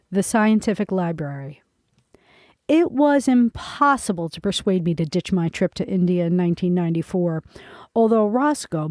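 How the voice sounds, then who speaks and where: A middle-aged woman reads from her own memoir with an earnest storytelling touch. Her voice is mellow and soft-edged. The recording is dry and close, with no room sound. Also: lowish voice, dry recording. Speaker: author reading her memoir. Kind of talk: memoir reading on a podcast.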